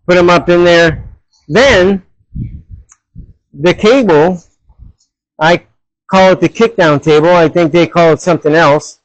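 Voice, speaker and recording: Man, hot rod mechanic, high voice, blunt and loud, dry close sound, garage vlog. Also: dry recording, low-quality recording. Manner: blunt, direct and talks loud. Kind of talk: casual workshop vlog. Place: car garage. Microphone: headset mic.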